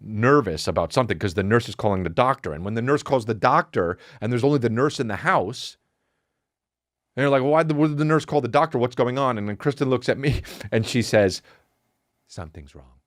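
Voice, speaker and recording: A man's voice: medium pitch, animated, fairly quick, dry recording, studio quality. A man in his thirties telling a comedic story on his podcast, profane and exasperated, acting out what people said. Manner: profane, exasperated, acts out quotes.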